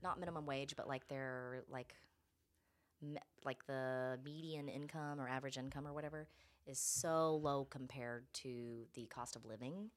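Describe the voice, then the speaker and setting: A young woman, a podcast guest telling an animated, profane story in casual chat. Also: a bass voice, normal speed. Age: young adult. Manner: animated, profane, acts out quotes.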